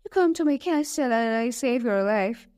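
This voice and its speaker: A woman's voice: a little high, expressive, normal speed, darkish tone, close to an everyday voice. A woman voicing a huge, angry male beast in a storybook, stern and scolding.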